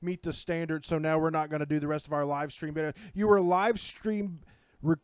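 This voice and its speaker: A man's voice: a little high, steady tone, brisk, a little mellow, smooth, dry recording. A young man co-hosting a podcast in casual chat. He speaks bluntly and outspokenly and rants at times. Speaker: podcast co-host.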